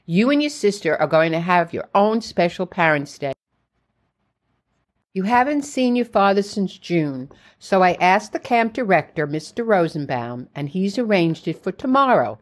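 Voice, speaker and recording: A woman's voice: lowish voice, very animated, moderate pace. A woman reading as a fussing mother.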